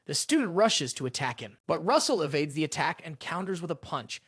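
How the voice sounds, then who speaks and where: Narrator with a lively, swinging pitch. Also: fairly quick, slightly rough, dry recording, studio quality. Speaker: recap narrator. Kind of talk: scripted story recap narration.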